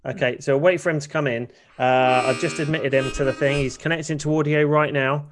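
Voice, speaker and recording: A man's voice: on the high side, steady tone, a little fast. Chatty man co-hosting a podcast. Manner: chatty, laughs along. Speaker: podcast co-host. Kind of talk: casual chat.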